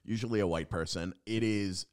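A man's voice: on the low side, a little fast, clear, resonant tone. A man co-hosting a podcast, chatting casually and laughing easily. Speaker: podcast co-host.

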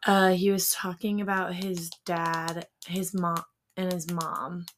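Woman guest on a chatty recap, lowish voice, easygoing. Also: level tone, slow, slight background noise. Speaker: guest co-host. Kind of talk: casual chat recapping a reality show.

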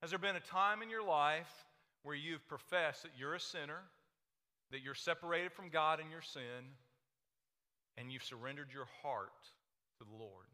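A man preaching a sermon, impassioned, swinging between hushed, intimate lines and loud, urging ones. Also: on the high side, normal speed. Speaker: pastor. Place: church sanctuary. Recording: echoey hall reverb.

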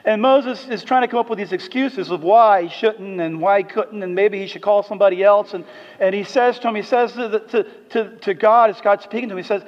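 High-voiced man preaching in a reverberant hall. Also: brisk. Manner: emphatic preaching, drops to soft earnest tones. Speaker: pastor. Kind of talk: sermon. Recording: dull sound with long hall reverb.

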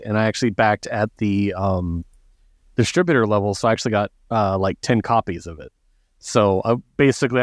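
A man's voice: lowish voice, no room sound, studio quality. A man hosting a podcast, friendly and upbeat as he wraps up the episode. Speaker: podcast host. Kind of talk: casual podcast chat.

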